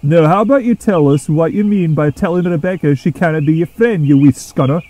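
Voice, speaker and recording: A man's voice: fairly high pitch, a little fast, darkish tone, no room sound, voice pushed up, close to an everyday voice. Douglas, a man doing a mocking Scottish engine.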